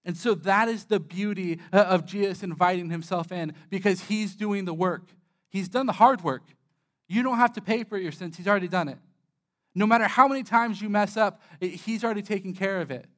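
A man's voice: high-pitched, fairly quick, fairly bright tone. A young man, a church pastor, giving a sermon in a candid, self-deprecating, conversational way, with frequent "uh" fillers.

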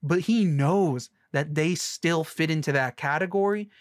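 A man's voice: fairly high pitch, unhurried, dry recording, clean studio sound. Rambling sarcastic young man reviewing a movie. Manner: rambling, sarcastic, many restarts and mocking voices. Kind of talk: casual movie rant.

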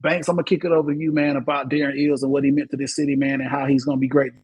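A man's voice: mid-range voice, little pitch movement, rapid-fire, a little mellow, rough recording. A man hosting a casual sports talk show. He sounds laid-back, and ends many lines with "man.". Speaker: podcast host.

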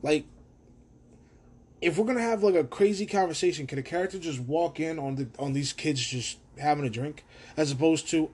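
A man hosting a casual solo podcast from his own room, rambling, swearing and animated. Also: on the high side, normal speed, slightly rough. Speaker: podcast host.

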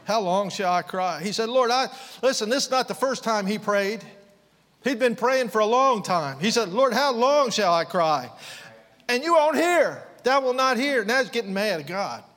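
A man preaching with fervent conviction, his high voice climbing into impassioned outbursts before sinking to hushed, low asides. The sound carries the long reverb of a large hall. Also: lively intonation, moderate pace. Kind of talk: sermon.

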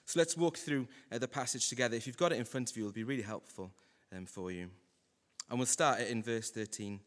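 A male preacher talks his congregation through a sermon in an easy, joking, conversational way. His voice sits in the middle pitch range. It carries a long reverb tail from a big hall. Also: fairly quick. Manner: conversational and humorous. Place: church hall.

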